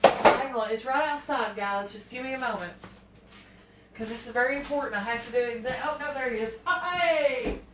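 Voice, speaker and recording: Recorded from afar with a little hiss or hum, a home cooking vlogger speaks at normal speed in a fairly high, slightly bright voice, her echoey kitchen ringing with clattering pans. She chats folksily to viewers through a cooking demonstration, fumbling and fretting as she goes.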